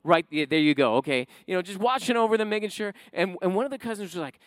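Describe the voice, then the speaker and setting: A high-pitched male pastor telling a personal story from the pulpit and rising to fervent, emphatic preaching. The sound is dry and close. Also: animated, quick pace, no echo.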